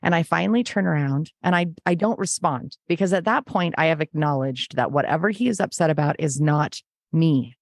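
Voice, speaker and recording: A woman's voice: deep voice, fairly quick, gravelly, no echo, studio quality. A middle-aged woman speaking as an interview guest, earnest and reflective, often acting out remembered conversations in her telling. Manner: earnest, acts out remembered dialogue.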